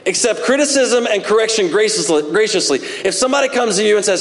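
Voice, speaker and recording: Male pastor, high-pitched, conversational sermon with playful asides, long hall reverb. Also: expressive, fairly quick. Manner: conversational preaching with acted-out asides.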